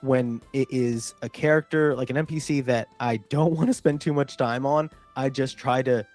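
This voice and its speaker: Guy rambling thru tips on a gaming talk show, mid pitch, faint music behind. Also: steady tone, normal speed, a little mellow. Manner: explanatory, many filler sounds. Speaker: podcast co-host. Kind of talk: casual chat about tabletop gaming.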